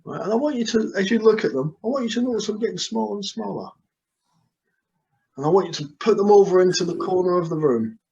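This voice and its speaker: A man's voice: sits high, expressive, fast, gravelly, darkish tone. A man working as a hypnotist, leading a guided session with soothing, repetitive suggestions over a video call. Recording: dull lo-fi video call audio.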